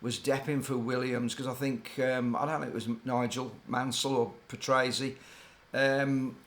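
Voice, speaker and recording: A man's voice: mid-range voice, steady tone, a little slow, a bit bright. An older man, a former racing team mechanic, telling rambling, digressive stories in a casual, hesitant way. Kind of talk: casual anecdotal storytelling.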